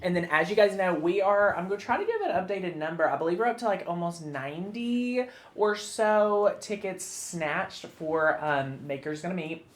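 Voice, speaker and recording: A bubbly woman hosting a crafting live stream, chatting with lots of fillers and excited squeals. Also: lowish voice, moderate pace, few pauses. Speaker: host.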